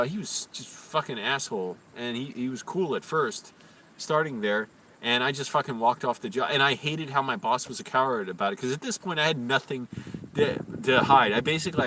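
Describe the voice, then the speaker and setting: Ranting man on a distant, bright-toned mic. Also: medium pitch. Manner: profane, ranting, indignant. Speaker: live streamer. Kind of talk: casual live-stream storytelling. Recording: distant mic with faint background noise.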